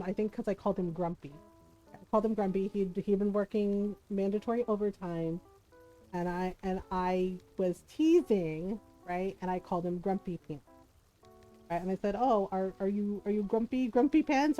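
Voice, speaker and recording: A woman's voice: medium pitch, dark tone, lo-fi sound. A woman in her fifties streaming a game, telling stories in casual chat and tagging her sentences with "right?". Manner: chatty, storytelling with lots of "right?" tags. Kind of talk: casual chat while gaming.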